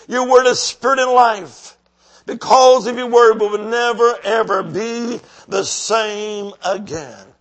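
Male preacher, high bright voice, slow rhythmic sermon with call-outs to the congregation. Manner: rhythmic, repeating phrases, calls to the congregation.

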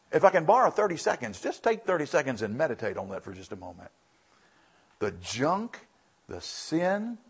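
A man's voice: mid-range voice, slightly rough. A male pastor preaching a sermon, reading scripture aloud and then explaining it with emphatic repetition.

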